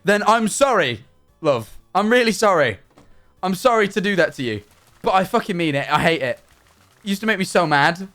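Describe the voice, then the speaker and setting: A man talks casually to his stream audience in a high, bouncy voice that swings widely in pitch. He rants animatedly and swears freely. Faint music plays behind him. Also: normal speed. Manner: animated ranting, frequent swearing. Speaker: livestreamer. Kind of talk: casual chat to stream viewers.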